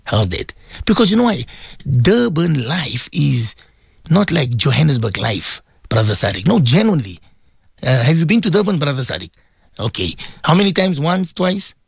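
A man's voice: a little high, very animated, normal speed, creaky, husky, no room sound, clean studio sound. A middle-aged man, hosting a call-in radio show in casual, rambling chat and greeting listeners by name.

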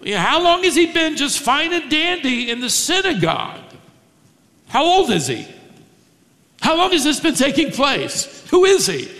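High-voiced preacher in a reverberant hall. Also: male voice, sing-song, normal speed. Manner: dramatic, acts out quoted lines with sudden shouts. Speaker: pastor. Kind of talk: expository sermon.

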